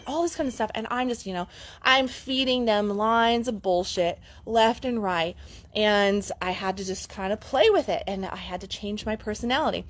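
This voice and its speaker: A woman's voice: fairly high pitch, normal speed. A middle-aged woman, a relationship coach, telling a candid story to her camera in a chatty vlog, laughing easily. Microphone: camera mic.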